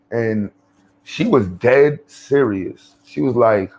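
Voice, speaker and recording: A man delivers off-the-cuff commentary in a blunt, profane, animated way. He rambles with plenty of fillers and restarts, and his voice sits at a middle pitch. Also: slow pace. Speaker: commentary channel host.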